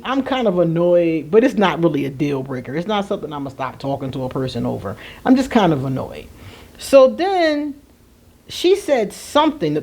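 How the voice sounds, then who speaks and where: A woman in her forties talking candidly to viewers, animated and laughing, with slangy asides. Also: medium pitch. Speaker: astrology vlogger. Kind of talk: candid storytelling chat to viewers.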